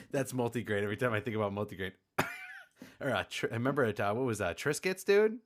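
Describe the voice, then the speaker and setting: A man's voice: on the low side, fairly quick. A man co-hosting a podcast in rowdy, hyper banter, cracking jokes and swearing often. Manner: hyper and excitable. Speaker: podcast co-host.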